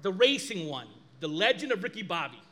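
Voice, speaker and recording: A man preaching a sermon as pastor, lively and animated, acting out quoted dialogue. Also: high-pitched, a little fast.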